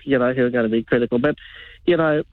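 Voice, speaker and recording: A man's voice: medium pitch, quick pace. A male caller to a radio show, chatting in a rambling, friendly way over a phone line. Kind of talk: casual phone chat.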